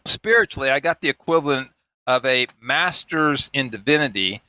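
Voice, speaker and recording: A man's voice: medium pitch, expressive, moderate pace, sharp tone, smooth, no echo, low-quality recording. An older man and father telling family stories in casual, rambling chat, chuckling and acting out the voices of people he quotes. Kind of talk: casual storytelling.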